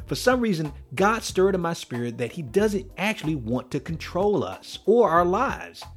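A man's voice: high voice, very animated, normal speed, slightly rough, faint music behind. A man hosting a devotional podcast, talking in an earnest, preacherly way with light chuckles. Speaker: podcast host.

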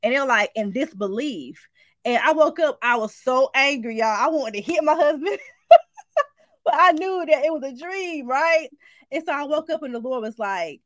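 Animated woman telling a dream story. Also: high-pitched, normal speed, no room sound. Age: adult, married mother. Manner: animated storytelling, shifts into acted quotes, informal speech. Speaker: Christian speaker sharing a prophetic dream. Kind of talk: casual spoken message to viewers.

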